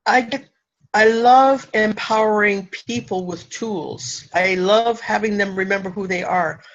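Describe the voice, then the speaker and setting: A woman from Canada, a spiritual teacher and speaker, talking effusively and emotionally in an interview, laughing often and pausing for effect. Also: medium pitch, highs cut off. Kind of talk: casual interview talk.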